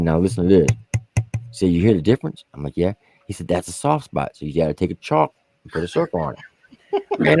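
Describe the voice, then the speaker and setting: A man and army veteran co-hosting a podcast, telling profane war stories in a casual, animated way and acting out what others said. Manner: animated, profane, acts out quotes in high voices. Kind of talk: casual storytelling among veterans.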